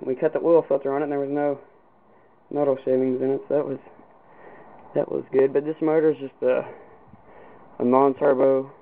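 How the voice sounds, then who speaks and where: A young man from Kentucky, speaking, giving a casual, rambling walkthrough of his car project outdoors in the cold, with many fillers and restarts. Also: medium pitch. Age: young adult. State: out of breath. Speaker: car hobbyist. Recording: tinny lo-fi camera audio with hiss.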